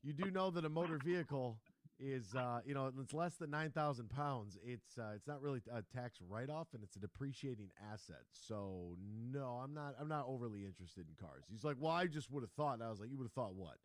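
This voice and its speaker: A man hosting a sports radio show, telling stories in a casual, animated way and acting out the quotes. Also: medium pitch, brisk, no room sound, clean studio sound. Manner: animated storyteller, acts out quotes, laughs.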